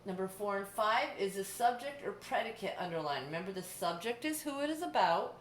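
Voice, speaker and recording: A woman's voice: medium pitch, expressive, a little fast. Woman teacher explaining a lesson patiently. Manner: patient, explaining step by step with examples. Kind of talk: distance-learning lesson. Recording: echoey room, faint background hum.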